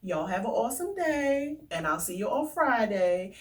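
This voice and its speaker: Give me an animated woman vlogger, ranting casually, her voice fairly high. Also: normal speed, distant mic. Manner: animated, swearing, slangy. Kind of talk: casual storytelling rant.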